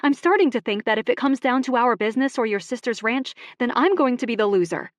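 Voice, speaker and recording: A woman's voice: fairly high pitch, animated, normal speed, dry recording, pitched above the performer's own voice, close to an everyday voice. A woman narrator voicing an earnest young woman who runs a shop, speaking in a raised, pleading tone.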